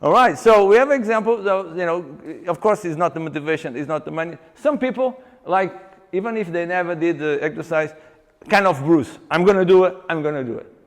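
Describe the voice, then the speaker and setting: A high-pitched man gives a seminar talk in a hall with a long echo. He tells stories with animation, stops and restarts his sentences, and acts out what his clients say. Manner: animated storyteller who acts out client dialogue; halting, with many restarts and fillers. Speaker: seminar speaker, exercise coach. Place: seminar venue with long reverb. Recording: reverberant hall recording.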